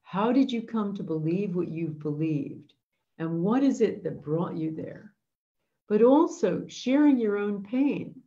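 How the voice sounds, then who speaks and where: Slow, earnest woman with a mellow voice. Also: medium pitch, lively intonation, lo-fi sound. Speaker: host leading an intention webinar. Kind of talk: reflective storytelling talk.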